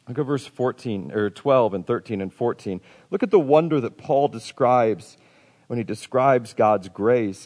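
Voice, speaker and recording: A man's voice: mid-range voice, warm tone. A man preaches with earnest feeling and falls into repeated words as he builds toward each point. His voice sits in a mid register. A long reverb trails behind him, as in a large hall. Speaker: pastor. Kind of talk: sermon.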